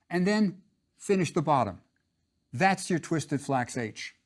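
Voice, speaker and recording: A man's voice: fairly high pitch, lively intonation, slow pace. A man teaching a drawing lesson, patient and step by step, repeating each instruction.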